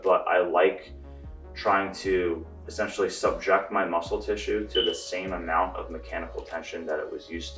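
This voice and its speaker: Young guy low voice rambling thru his prep update, kinda far from the mic, faint music behind. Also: roomy sound. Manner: relaxed, explanatory, with frequent fillers. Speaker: bodybuilder answering viewer questions. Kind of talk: casual vlog update.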